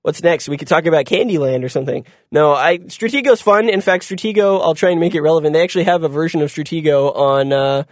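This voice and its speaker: A man's voice: fairly high pitch, quick pace, few pauses, dry recording, clean studio sound. A man hosting a casual gaming show, rambling with lots of ums and restarts and chuckling when he stumbles over words. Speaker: gaming podcast host. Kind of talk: casual chat.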